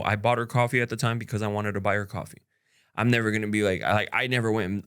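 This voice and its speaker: Young guy vlogging, kinda low voice, rambly and blunt, lots of fillers. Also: quick pace, a bit bright, clean tone. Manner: rambling, frank, full of "like" and "you know". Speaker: content creator. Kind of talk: candid personal vlog talk.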